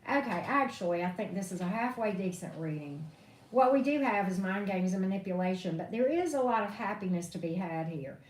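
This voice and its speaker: A woman's voice: mid-range voice, lively intonation, fairly quick. Frustrated, blunt woman tarot reader. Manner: frustrated, venting, blunt and profane. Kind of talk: live tarot reading stream. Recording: echoey room, distant mic, faint noise.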